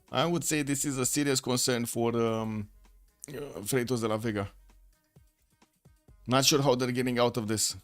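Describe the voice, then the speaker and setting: A man commentates a strategy game match live, his voice sitting at an ordinary middle pitch. He thinks aloud as he goes, filling pauses and restarting sentences while he reads the board. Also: steady tone, faint music behind. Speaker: esports caster.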